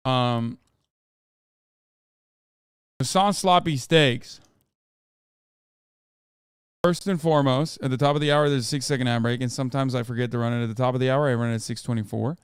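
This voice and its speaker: A man hosting a livestream in casual chat, reading viewer posts aloud in an offhand, sarcastic way with loud outbursts. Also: mid-range voice, normal speed, long pauses, clean tone, no echo, studio quality. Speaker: livestream host.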